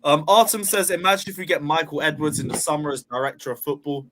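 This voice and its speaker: Male co-host, bright edgy tone, faint background noise, reads chat. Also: a little high, quick pace. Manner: matter-of-fact, reads viewer comments aloud. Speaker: podcast co-host reading chat. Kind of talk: casual chat.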